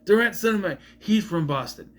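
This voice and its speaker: A man's voice: high voice, lively intonation, brisk. A young man giving a casual, rambling movie review who often stops to correct himself. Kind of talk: casual film review vlog.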